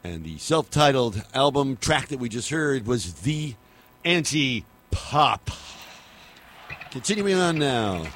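A man working as a radio DJ, chatting and joking casually between songs in an animated way. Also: mid-range voice.

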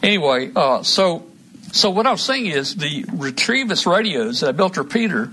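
A man's voice: a little high, sing-song, normal speed, sharp tone, slight background noise. A man hosting a casual live stream, rambling through gear talk with many restarts. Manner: rambling, restarts often, trails off. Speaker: host of a radio hobby live stream.

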